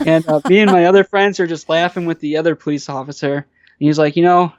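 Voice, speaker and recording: A man's voice: fairly high pitch, steady tone, quick pace, no echo, dull audio. A man telling stories as a podcast guest, casual and rambling, with lots of fillers and restarts. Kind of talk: casual storytelling.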